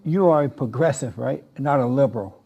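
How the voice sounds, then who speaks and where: A man's voice: medium pitch, brisk, gravelly, mellow, breathy edge, highs cut off. A man hosting a talk show interview, teasing and provocative, laughing often as he pushes his guests. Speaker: host.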